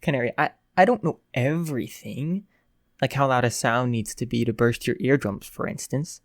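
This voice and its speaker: A man voicing a shy, flustered teenage boy student in a read-aloud fan story, speaking softly and stammering. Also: mid-range voice, normal speed, no room sound, studio quality, pitched below the performer's own voice, lightly acted. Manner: hesitant, stammering, soft.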